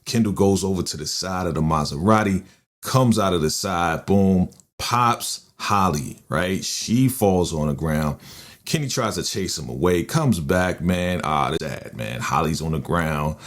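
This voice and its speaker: A man with a low, deep voice talks straight into a podcast microphone, recapping a TV drama in a relaxed, chatty way. He retells the plot with energy, dropping into quoted lines from the characters as he goes. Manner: animated retelling, quoting characters with quick voice shifts and laughs. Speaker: TV recap host. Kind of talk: casual episode recap.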